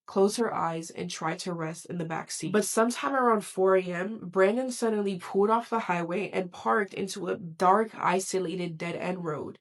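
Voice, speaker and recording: A woman narrating a true crime story in a slow, dramatic, measured way, her volume swelling and dropping. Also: mid-range voice.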